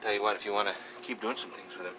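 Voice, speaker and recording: A man's voice: fairly low pitch, level tone, racing, distant mic, noisy background. A father at home on a family camcorder tape, chatting playfully and teasing, slipping into baby talk for his son. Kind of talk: home video, casual family chat. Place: indoors at home. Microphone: camcorder mic.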